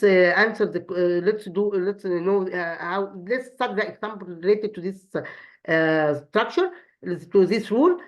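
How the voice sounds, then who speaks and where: A woman's voice: mid-range voice, fairly bright tone. Woman, English teacher, hesitant with many fillers, slightly muffled lo-fi recording. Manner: halting, many fillers and restarts. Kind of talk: explaining a grammar lesson.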